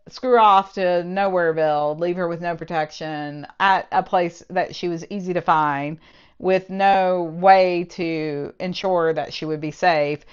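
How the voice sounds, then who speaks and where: A woman's voice: fairly low pitch, smooth. Woman doing a snarky book review vlog, fed up, kinda muffled audio. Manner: sarcastic, exasperated. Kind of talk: casual spoken book review.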